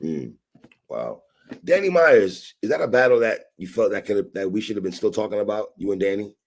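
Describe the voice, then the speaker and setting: A man's voice: on the low side, very animated, a little fast. A male host asking questions and reacting briefly in a laid-back casual interview.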